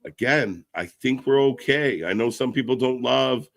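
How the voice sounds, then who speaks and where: A man giving casual live commentary, reacting excitedly and chatting to viewers. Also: moderate pace, vocal fry. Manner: excitable, pitch jumps when reacting, chatty asides to viewers.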